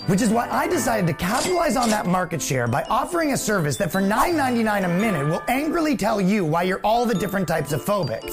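Man, satirical comedy sketch, scolding, mock-lecturing, animated pitch, music underneath. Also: fast, few pauses.

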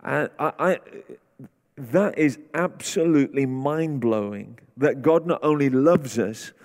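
A man's voice: mid-range voice, a little mellow. A man preaching a sermon as guest preacher, repeating short declarations that build in intensity. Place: large church sanctuary. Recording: long reverb of a large hall.

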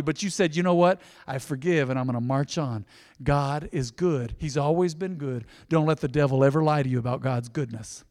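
A man with a fairly high voice preaches to his congregation, talking to them like friends and swinging from loud, emphatic bursts to quiet asides. His voice is close and dry, with a long hall reverb trailing behind it. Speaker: pastor. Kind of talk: sermon.

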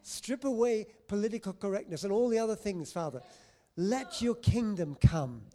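A man with a high but mellow voice prays aloud, intoning slow declarations one after another. His delivery is measured and earnest. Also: animated. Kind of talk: spoken prayer.

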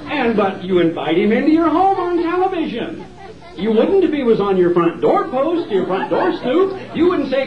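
Emphatic evangelist preaching in a roomy hall. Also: male voice, sits high, sing-song, a crowd in the background. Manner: emphatic, dramatic pauses, mimicking asides. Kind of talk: campaign sermon. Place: large hall. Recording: roomy hall, distant dull mic.

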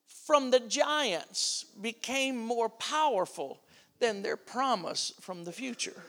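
A man's voice: extremely high pitch, creaky, fairly bright tone. An older man preaching a sermon, telling a family story and acting out the voices of the people in it.

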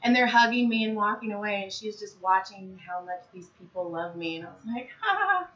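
Animated foul-mouthed woman comedian. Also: mid-range voice, a little fast. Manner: animated, profane storytelling. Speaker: comedian and podcast co-host. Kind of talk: casual chat. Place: Santa Clarita area. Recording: dull lo-fi recording.

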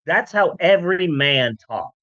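A comedic podcast host rambling through a story at an unhurried pace, the pitch swinging up and down with every joke and aside. The voice sounds dry and close to the mic. The audio is a bit dull and lo-fi. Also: animated, a bit bright, dry recording. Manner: rambling, jokey, full of asides and voice bits. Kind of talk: comedic history podcast chat.

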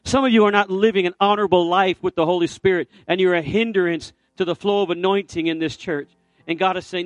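Storytelling preacher with a fairly high voice. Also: male voice, steady tone, fairly quick, dry recording, muffled recording, soft background music. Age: middle-aged. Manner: storytelling, building to fervent exhortation. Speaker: pastor. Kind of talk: sermon with altar call. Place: church sanctuary.

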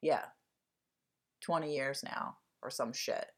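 A woman's voice: rumbling low, steady tone, takes it slowly. A woman, co-hosting a podcast in casual, rambling chat full of fillers and swearing. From Delaware County, Pennsylvania. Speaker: podcast co-host.

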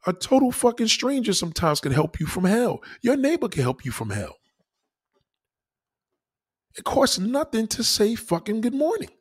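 A man's voice: sits high, very animated, normal speed, pauses often, husky. A man with a New York accent delivering a heated, profane, preachy rant.

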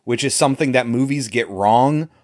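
A man's voice: mid-range voice, normal speed. A man co-hosting a podcast, chatting casually and giving his take on a film. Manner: relaxed, chatty, gives opinions. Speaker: podcast co-host. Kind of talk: casual chat about a film.

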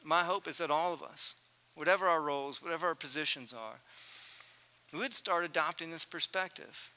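A man in his thirties preaching a sermon, telling a family story earnestly and swinging from loud to hushed. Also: on the high side, moderate pace, clear, resonant tone. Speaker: pastor.

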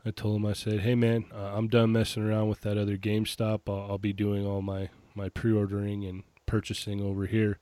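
Laid-back man with a low voice. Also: monotone, a little fast, few pauses, dark tone, no echo. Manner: laid-back, laughing, storytelling. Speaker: podcast co-host. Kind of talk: casual chat about toy collecting.

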